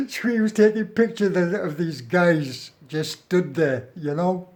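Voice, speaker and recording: A man's voice: high-pitched, a little slow, a little mellow. Middle-aged english bloke rambling thru his story, blunt and sweary, keeps saying we gets and i goes. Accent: English, working-class. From England. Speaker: storyteller recounting his prison life. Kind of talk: casual spoken storytelling.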